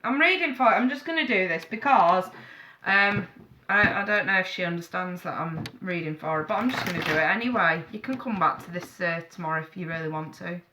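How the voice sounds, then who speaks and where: A woman's voice: fairly low pitch, fairly quick, background noise. A woman giving a live-streamed tarot reading, chatty and frank, calling viewers darling and sweetheart. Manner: blunt, frank advice with swearing. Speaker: tarot reader.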